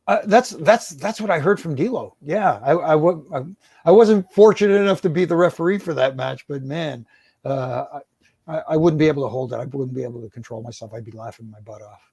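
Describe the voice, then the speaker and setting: A man's voice: on the high side, brisk, creaky, a little mellow, slightly rough, no echo. A middle-aged man, a former wrestling referee, tells rambling stories in an interview, restarting his sentences and chuckling. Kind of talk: storytelling in an interview.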